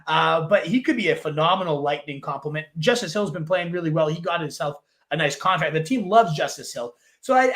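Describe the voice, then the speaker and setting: A man's voice: a little high, fairly bright tone. A man co-hosting a casual fantasy football chat, enthusiastic and thinking aloud with fillers.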